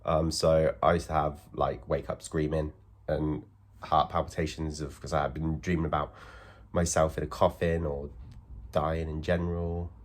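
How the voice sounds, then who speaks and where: A man's voice: extremely low pitch, level tone, normal speed. A man hosting a comedy sketch in his bedroom, dry in delivery and hesitant, with many ums. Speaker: comedy host and musician. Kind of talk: comedy sketch, then interview.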